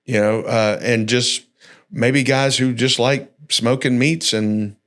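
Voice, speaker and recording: A man talks in an easygoing, folksy way on a church podcast. His voice sits in an ordinary middle pitch. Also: fairly even intonation, slow pace, fairly bright tone. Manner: laid-back, folksy, jokey storytelling. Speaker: pastor. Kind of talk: casual church podcast chat.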